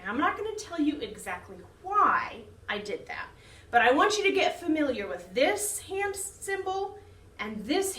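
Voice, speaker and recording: A woman who directs a children's choir, teaching young children a lesson slowly in a sing-song way. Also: sits high, a bit bright. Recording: echoey room, mic some distance off.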